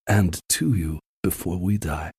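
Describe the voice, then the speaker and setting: A loving young man in a storybook romance, low-voiced and reassuring, as a man reads him. His tone is quiet and husky, close to the narrator's own. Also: a little slow, heavily acted. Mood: playful.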